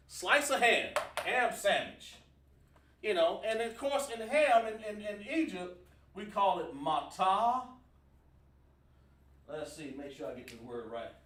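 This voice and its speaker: A man's voice: high voice, a bit bright. A man teaching a livestreamed scripture class, emphatic and quizzing his online audience. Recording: roomy sound from a distant mic.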